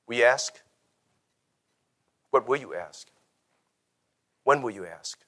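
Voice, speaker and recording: A man's voice: medium pitch, huge pitch swings, a little slow, long pauses, a bit bright. A middle-aged man preaching as pastor, telling a testimony with repeated phrases and ending in an earnest altar call. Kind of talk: sermon with personal testimony.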